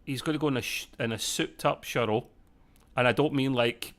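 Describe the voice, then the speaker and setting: A man's voice: mid-range voice, fairly quick, fairly bright tone. A man co-hosting a casual live discussion, rambling and self-correcting with jokey asides. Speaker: podcast co-host.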